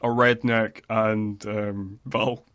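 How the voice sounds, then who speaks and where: A man's voice: lowish voice, flat delivery, takes it slowly, a bit bright, dry recording. A man co-hosting a casual podcast about a film, rambling with lots of fillers. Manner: rambling with many fillers and laughs. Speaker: podcast co-host. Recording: dry, dull lo-fi audio.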